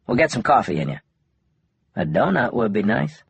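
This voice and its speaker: An eager, friendly colleague with a husky voice, bouncing up in pitch, as a male narrator puts him on. Heard dry and close like a studio read. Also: big pitch swings, moderate pace, no echo, full character voice.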